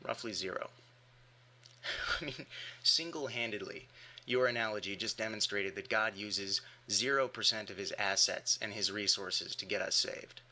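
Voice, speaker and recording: A man's voice: lowish voice, normal speed, bright, forceful tone. A man delivering an argumentative rebuttal monologue with emphatic rhetorical questions. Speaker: atheist commentator.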